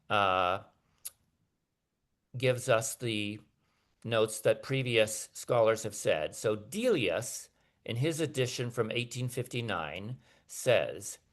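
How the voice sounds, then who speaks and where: A man giving an academic lecture over a video call, talking hesitantly with many fillers and restarts. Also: on the low side.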